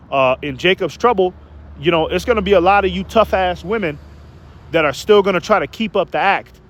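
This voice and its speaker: A man's voice: sits high, moderate pace, a bit bright, slight background noise. Emphatic man preaching a rant. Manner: emphatic, keeps asking "okay?" and "man"; stumbles and repeats words. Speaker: online preacher. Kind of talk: preaching rant with scripture reading.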